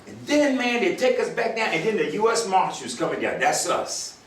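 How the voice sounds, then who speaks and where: A man's voice: high-pitched, moderate pace, far from the mic, slight background noise. An older man and retired marshal telling a story to an audience, acting out the other voices and laughing along. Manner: animated storyteller, acts out voices, laughs with the crowd. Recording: echoey hall, recorded from afar.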